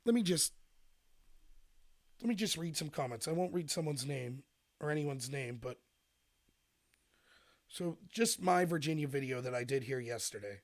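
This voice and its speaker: A man's voice: a little high, lively intonation, normal speed, pauses often. An American man hosting a political commentary show, ranting emphatically and answering his chat. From United States. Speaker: podcast host.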